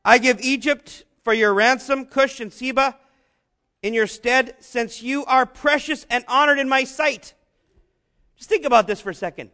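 A man preaching a sermon, asking the congregation rhetorical questions and slowing down to stress repeated phrases. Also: very high-pitched, pushed and bright. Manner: rhetorical questions, emphatic slow repetitions. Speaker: pastor.

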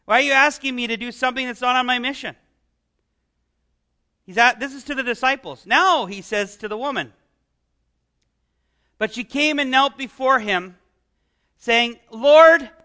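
A man delivers a conversational sermon in a strikingly high voice. His tone is bright and sharp as he poses rhetorical questions and chuckles between points. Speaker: pastor.

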